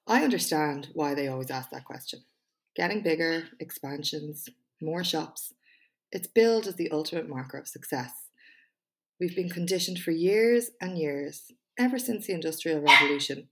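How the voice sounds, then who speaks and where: A woman hosting her own podcast, chatting frankly and with self-deprecating humour before reading a speech of hers aloud in an emphatic style. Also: deep voice. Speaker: podcast host and small business owner.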